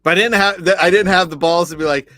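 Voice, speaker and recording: A man's voice: high-pitched, fast, pushed and bright, no room sound, soft background music. Male podcast co-host, rambling casual storyteller, dry close mic. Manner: rambling storyteller, many restarts. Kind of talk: casual chat.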